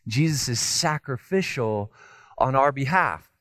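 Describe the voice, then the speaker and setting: A man preaching a sermon. He tells stories in a lively, conversational way, with self-deprecating asides, and moves from loud emphasis to hushed tenderness. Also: medium pitch, measured pace, dry recording. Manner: animated storytelling, swinging between loud emphasis and hushed tenderness. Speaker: pastor.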